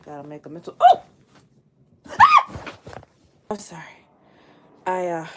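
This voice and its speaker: A woman's voice: fairly low pitch, very animated, slow, heavy background noise. A woman chatting casually on a livestream from her room, laughing often and telling stories animatedly. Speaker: livestream host. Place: bedroom near closet, indoors.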